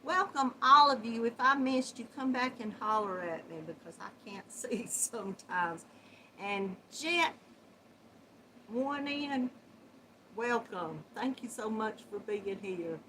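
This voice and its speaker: A middle-aged woman takes her time on a casual livestream, her fairly high voice animated against slight background noise. Despite a runny nose, she keeps chatting, laughing, and greeting viewers with warm Southern terms of endearment.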